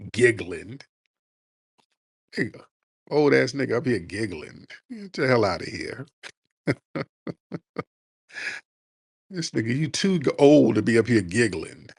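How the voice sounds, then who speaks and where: A man's voice: medium pitch, sing-song, slow pace, creaky, long pauses, breathy edge, dry recording, studio quality. A man hosting a call-in show, brash and profane, mocking callers with frequent laughter. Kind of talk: casual call-in radio talk.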